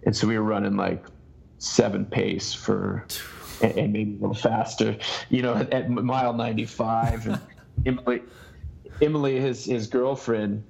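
A man being interviewed as an ultrarunner guest, telling a long story in halting bursts that keep restarting. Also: on the low side, steady tone, gravelly, darkish tone, muffled recording. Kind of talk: casual podcast interview.

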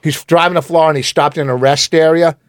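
A man's voice: a little high, fairly even intonation, fast, no echo, clean studio sound. A man comedian telling a rambling story in casual chat, laughing along. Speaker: comedian guest.

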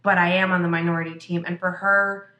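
A woman's voice: on the low side, level tone, fast, bright, forceful tone. Blunt, profane woman in an echoey room. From Mexico. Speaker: podcast co-host. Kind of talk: casual chat.

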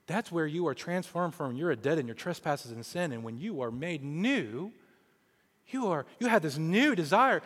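A man from Kansas in his forties, a pastor preaching a sermon in an animated way, often repeating words as he starts a thought. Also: a little high, moderate pace, in a large hall. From Kansas, USA.

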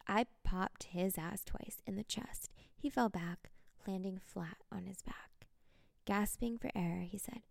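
A woman narrating a dark first-person story in a cold, menacing, profane way. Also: medium pitch, unhurried, creaky, dry recording, studio quality.

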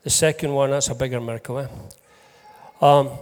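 A man preaching a sermon to a congregation in a lively, joking way, swinging between loud bursts and soft asides. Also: medium pitch, brisk. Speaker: pastor. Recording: long hall reverb.

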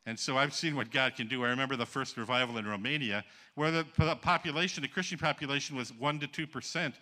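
Man, preacher, from Michigan's Upper Peninsula, very bright forceful voice, folksy storytelling sermon, calls out to congregation. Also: mid-range voice, quick pace. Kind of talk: sermon with stories.

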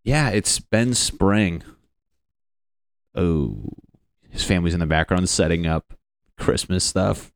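A young man from Connecticut with a low, deep voice rambles through a casual, profane monologue. He jokes and meanders from one thought to the next, recorded close and dry with no room sound. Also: takes it slowly, gravelly, smooth, no echo. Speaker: vlogger.

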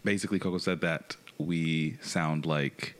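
A man's voice: a bass voice, fairly even intonation, a little slow, fairly bright tone. A man with a Toronto accent hosting a podcast, chatting casually, laughing and teasing. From Canada. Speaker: podcast host. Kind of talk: casual chat.

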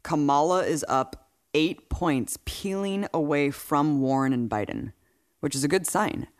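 Animated man ranting in casual chat. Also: a little high, a little slow, smooth. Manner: incredulous, animated retelling with put-on quotes. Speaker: podcast co-host.

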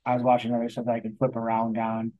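A man's voice: medium pitch, completely flat delivery, quick pace, a loud crowd. A man co-hosting a podcast, speaking hesitantly and restarting his sentences in casual sports chat. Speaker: podcast co-host. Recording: slightly muffled lo-fi audio.

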